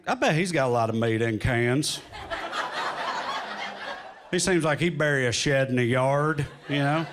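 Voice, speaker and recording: A Southern-drawling man works a comedy club crowd, spinning wry stories in a fairly high voice. He talks into a handheld stage mic and slips into quick put-on quotes. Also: a bit bright, slight background noise. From Tennessee. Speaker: stand-up comedian. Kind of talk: stand-up comedy set.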